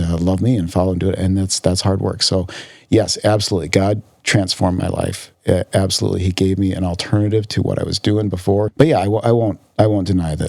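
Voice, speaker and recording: A man's voice: sits low, creaky, a little mellow, dry recording, clean studio sound. A man as a podcast guest, talking earnestly in casual conversation and often repeating words as he searches for them. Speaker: podcast guest, physician in recovery.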